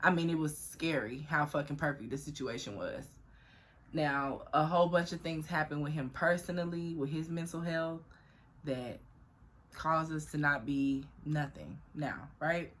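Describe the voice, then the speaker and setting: Young woman, low voice, casual vlog storytelling, animated, swears a lot, talks to viewers. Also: a little slow. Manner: profane, animated, chatty, addresses viewers as y'all. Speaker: vlogger.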